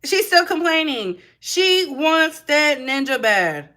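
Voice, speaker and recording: A woman's voice: sits high, sing-song, takes it slowly, pushed and bright. A woman giving blunt, sassy reaction commentary on a vlog, repeating her points for emphasis. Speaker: commentary vlogger.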